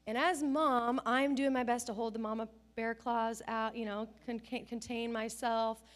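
A middle-aged woman pastor with a high voice delivers a sermon. She tells stories with lively energy and acts out the lines she quotes. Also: moderate pace. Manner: animated storytelling with acted-out quotes.

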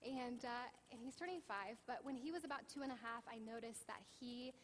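A woman's voice: a little high, fairly quick, in a large hall, a little hiss or hum, low-quality recording. A woman in her thirties preaching a sermon in a church, telling personal stories in a candid, conversational way. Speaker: pastor.

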